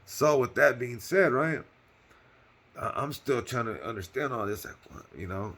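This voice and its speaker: A man's voice: medium pitch, animated, normal speed, a bit bright. A man casually telling a personal story on his channel, in loose slang with cursing and lots of fillers, earnest and heartfelt.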